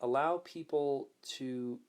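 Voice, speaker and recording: A man hosting a casual spiritual talk, speaking gently and smoothly, repeating words for emphasis and reading viewer comments aloud. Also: slow pace. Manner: acts out quoted lines in a higher voice. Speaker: host.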